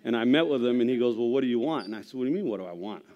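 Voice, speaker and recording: Brief: gruff middle-aged man, church testimony, jokey and candid, average pitch. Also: animated, very fast, highs cut off. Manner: gruff, storytelling with humor. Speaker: lay preacher giving testimony. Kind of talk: sermon testimony.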